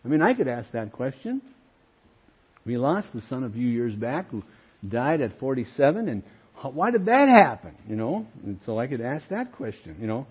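A man's voice: mid-range voice, very animated, normal speed, husky, dull audio. An older man, a pastor, preaching a sermon with earnest emphasis and calling his listeners friends.

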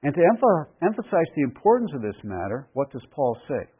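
Man preaching a verse-by-verse sermon, husky, emphatic, repeats key phrases; thin radio broadcast audio. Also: fairly high pitch, big pitch swings, fairly quick, narrow, tinny audio. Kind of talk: expository sermon.

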